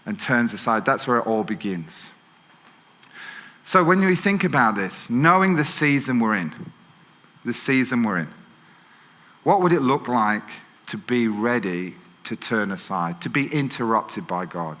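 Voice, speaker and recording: An English man preaches like he's telling a story to friends, with fillers and quick self-corrections. His voice is bright and forward, and it rings out in a church hall with a long echo. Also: medium pitch, expressive. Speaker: pastor. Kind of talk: sermon. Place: church auditorium.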